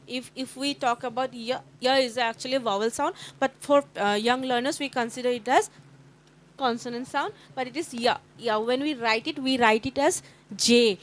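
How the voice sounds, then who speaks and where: A high-pitched Indian woman trainer leads a phonics session for teachers. She sounds out each letter again and again and keeps quizzing the room. Her voice is bright and sharp. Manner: sounds out letters slowly and repeatedly, quizzing the group.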